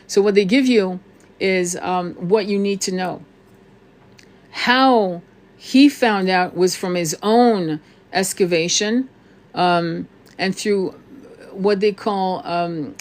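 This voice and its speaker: A woman talks in a loose spiritual monologue as a tarot reader. She rambles, swears without pause and keeps breaking off to restart her sentences. Her voice sits at an ordinary middle pitch. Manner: rambling, profane, many restarts.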